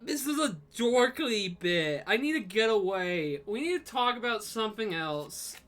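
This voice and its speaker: A woman's voice: on the high side, expressive, unhurried, faint music behind. A young woman streaming casually, giggly and profane, often collapsing into laughter. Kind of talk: casual chat on a livestream.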